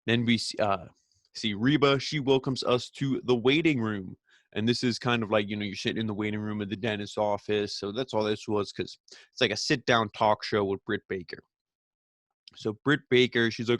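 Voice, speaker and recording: A man with a lowish voice talks through a wrestling show recap, rambling and opinionated, stopping and restarting his thoughts. The recording is dry and close, with no room sound around him. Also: fairly even intonation, a little fast, no room sound. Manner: rambling, opinionated, frequent fillers.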